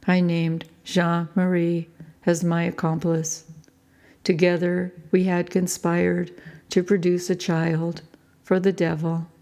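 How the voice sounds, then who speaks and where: A woman reading her own book aloud in a grave, measured first-person storytelling manner. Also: lowish voice, warm tone. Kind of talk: audiobook narration.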